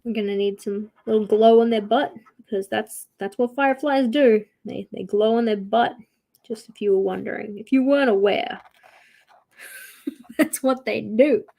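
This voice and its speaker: A woman's voice: on the high side, fairly even intonation, normal speed, creaky, warm tone. Giggly Australian woman chatting on a livestream. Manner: chatty and giggly, reads out viewer comments and talks to herself. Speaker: livestream host. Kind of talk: casual livestream chat while drawing.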